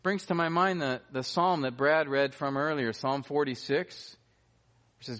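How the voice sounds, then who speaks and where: Emphatic preacher, higher-pitched man. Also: a little slow, a bit bright. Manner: emphatic, repeats key phrases for weight. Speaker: pastor. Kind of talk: sermon.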